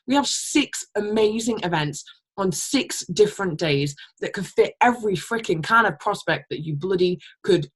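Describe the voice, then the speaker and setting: A woman leads a team training call. She talks bluntly and casually, swears now and then, and acts out sample messages in a higher voice. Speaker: team leader. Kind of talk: team training call, motivational pep talk.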